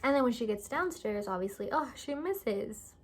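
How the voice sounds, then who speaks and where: A woman's voice: a little high, lively intonation, normal speed, a little hiss or hum. A young woman giving a casual, exasperated movie review, sarcastic and stumbling over her words at times.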